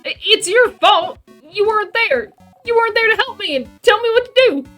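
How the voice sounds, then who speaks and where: A woman voicing an eager, anxious young kid with a high, pleading, excitable voice in a game read-along. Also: a little slow, faint music behind, full character voice. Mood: upset.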